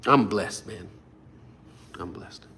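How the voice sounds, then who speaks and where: A man's voice: sits low, slow pace, sharp tone, a little hiss or hum. A middle-aged man preaching a sermon, talking animatedly and acting out the voices of people he quotes. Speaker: pastor.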